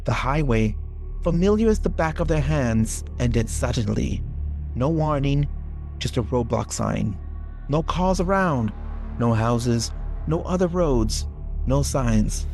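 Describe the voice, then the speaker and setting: A man's voice: medium pitch, animated, gravelly, a little mellow, faint music behind. Joking man reading a horror tale. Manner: reads with theatrical pauses and jokey asides. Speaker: podcast co-host. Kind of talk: casual chat and dramatic story reading.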